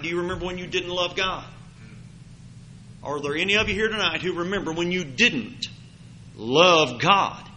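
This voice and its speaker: Man, preacher, scratchy sore throat, sermon, very bright tone, faint background noise. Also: on the high side. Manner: builds from quiet to loud emphatic preaching. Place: church before a congregation.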